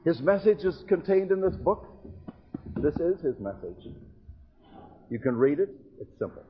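A man's voice: fairly high pitch, very animated, unhurried, dull audio, slight background noise. A man preaching an evangelistic sermon, earnestly telling stories and retelling dialogue to warn young listeners. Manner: earnest storytelling with retold dialogue.

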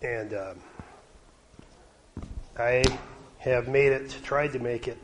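A middle-aged man from Canada preaching a sermon, his voice sometimes dropping to a hush. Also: mid-range voice, slow, noisy background. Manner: varies loudness, dropping to a hush at quiet points.

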